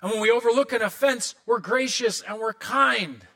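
Bright, high-voiced man preaching a sermon. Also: moderate pace, vocal fry. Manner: animated storytelling with comic asides. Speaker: pastor.

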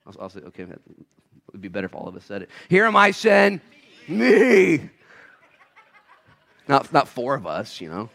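A man pastor giving a sermon in church, swinging between quiet asides and loud, fired-up preaching. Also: sits low, expressive, quick pace. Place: church sanctuary.

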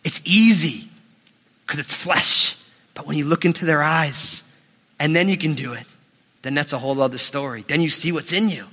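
A man preaching a sermon as pastor, animated and emphatic, swinging between loud rises and quiet drops. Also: on the high side, moderate pace. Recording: long hall reverb.

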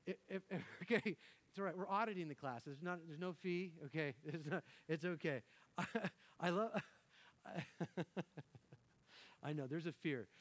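A man, a pastor, preaching a sermon in an animated way, breaking off with laughs and quick restarts. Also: on the high side. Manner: animated, laughing often, self-interrupting with restarts.

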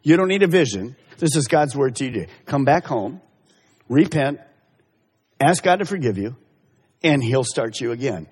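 A man's voice: medium pitch, animated, normal speed, pauses often, a little mellow, breathy edge. A male pastor preaching a sermon in an emphatic way, repeating key phrases and speaking straight to the congregation. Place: church service. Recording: echoey hall reverb.

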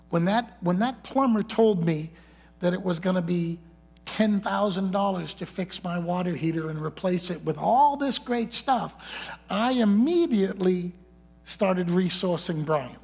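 A man's voice: high voice, animated, unhurried, gravelly, a little mellow, breathy edge. A man preaching a sermon, telling a personal story and often dropping his voice to near whispers.

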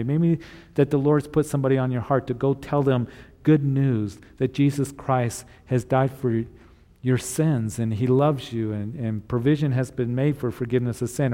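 A man preaching a sermon, reading scripture and retelling it in casual words, then gently encouraging his listeners. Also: mid-range voice, big-room sound. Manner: retells scripture in casual paraphrase with acted voices; earnest, encouraging. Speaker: pastor.

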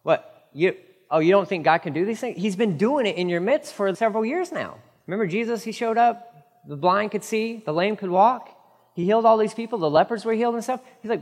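A fairly high-voiced man preaching from a church stage, his words trailing off into a long hall reverb. He tells the story with animated, casual asides and slips into quick impressions of the people he quotes. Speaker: pastor. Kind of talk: sermon.

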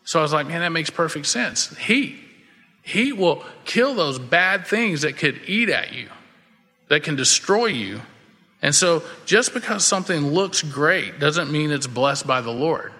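A man preaching a folksy, conversational sermon, slipping into the voices of the people in his stories. His voice is bright and forceful, and it sits a bit high for a man. A long reverb trails off it in a large hall. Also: animated, measured pace. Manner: casual, folksy, acts out quoted voices. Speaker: pastor.

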